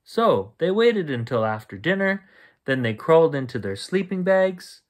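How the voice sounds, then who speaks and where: A man reading a children's bedtime story aloud, slow and expressive, playing the sound effects. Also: a little high.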